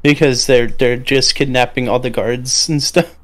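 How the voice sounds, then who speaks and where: A young man in casual chat, telling an anecdote in a halting way with false starts. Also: mid-range voice, fairly even intonation, fairly bright tone. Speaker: podcast co-host.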